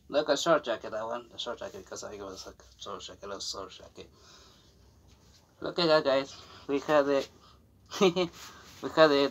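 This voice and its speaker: A man's voice: medium pitch, fairly bright tone, dull audio. A young man chatting to camera about a new jacket, his English broken and non-native. He rambles, trips over his words, restarts often and giggles between phrases. The talk is loose and unscripted, like a casual unboxing vlog. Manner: rambling, halting, with frequent fillers, restarts and giggles. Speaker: vlogger showing off a new jacket.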